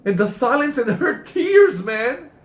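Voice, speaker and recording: Excitable young man reacting, high-pitched. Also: a little slow, reverberant. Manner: excitable, exclaiming, says "man" a lot. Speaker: YouTube reactor. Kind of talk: casual reaction commentary.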